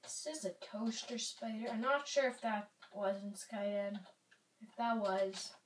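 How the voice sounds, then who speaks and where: A woman's voice: on the high side, measured pace. A young woman casually commenting on a video game she is playing, rambling and playful, sometimes dropping to a whisper. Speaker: gaming YouTuber. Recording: roomy, distant mic, faint noise.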